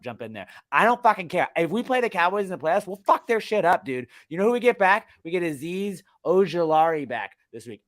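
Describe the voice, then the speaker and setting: A man ranting heatedly about football. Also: fairly high pitch. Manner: heated, profane, swings from shouting to muttering. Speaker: podcast co-host. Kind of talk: casual sports podcast rant.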